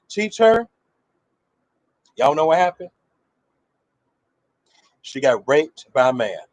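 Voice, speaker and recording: A man's voice: on the high side, dry recording. A male preacher giving a sermon, telling a story and putting rhetorical questions to his listeners.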